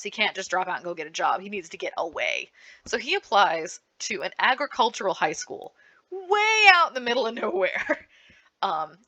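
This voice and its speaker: Woman, bright clear voice, lively and animated, panel talk recommending comics. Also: medium pitch. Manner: lively, animated, frequent restarts and laughs. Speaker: librarian giving a book panel. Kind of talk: enthusiastic book recommendation talk.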